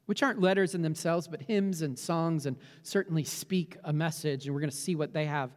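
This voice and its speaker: Man pastor, high voice, earnest, stumbling repeats, long church reverb. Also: fairly quick. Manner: earnest, with frequent repeated words and restarts. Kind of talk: prayer and sermon. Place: church sanctuary with candles behind him.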